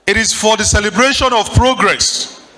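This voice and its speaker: A man with a Nigerian accent giving a formal, somewhat halting speech as a government minister. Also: sits high, bright, forceful tone.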